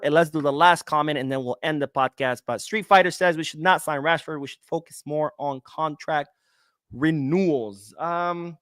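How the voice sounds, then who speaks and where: A man hosting a casual solo podcast, reading viewer comments and answering them in an animated, outspoken way, sometimes swearing. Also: medium pitch, no echo, studio quality. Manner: animated, talks back to viewers, swears when worked up. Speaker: podcast host. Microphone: webcam setup, talking to camera.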